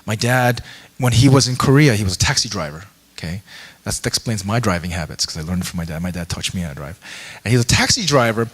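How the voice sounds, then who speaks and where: A male pastor preaches in an earnest storytelling style, his voice sitting at an ordinary middle pitch. He acts out the people in his story and now and then drops to a near-whisper. He speaks as a middle-aged man. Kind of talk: sermon with personal story. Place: church sanctuary.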